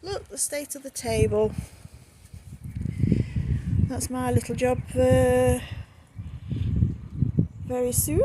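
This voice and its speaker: Woman with a Nottingham accent, higher voice, unhurried, relaxed chatty garden stream. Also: very noisy. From England. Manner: relaxed, chatty, drifting from one remark to the next. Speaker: live-streamer. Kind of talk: casual live-stream chat. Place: home garden outdoors in the evening. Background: faint outdoor ambience, water.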